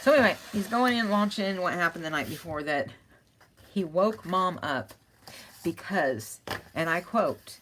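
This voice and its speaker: A woman with a low, deep voice chats casually as she crafts, wandering off topic and laughing at her own stories. A faint hiss of noise sits under the recording. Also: normal speed, fairly bright tone. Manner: rambling, chatty, often laughing at her own story. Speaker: crafting channel host.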